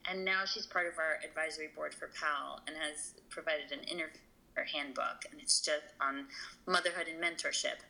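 Woman interview guest, lowish gravelly voice, earnest and full of fillers. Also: fairly even intonation, a little fast, bright, forceful tone, poor audio. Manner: earnest, emotional, many fillers and restarts. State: tearful. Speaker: podcast guest. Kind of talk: conversational interview.

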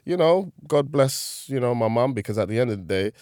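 A comedian chatting casually as a podcast guest, telling animated stories and laughing often. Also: male voice, medium pitch, brisk, no room sound, studio quality.

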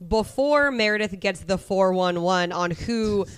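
A woman co-hosting a casual film podcast, enthusiastic and quick to laugh. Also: medium pitch, lively intonation, clean tone. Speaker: podcast co-host. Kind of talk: casual chat.

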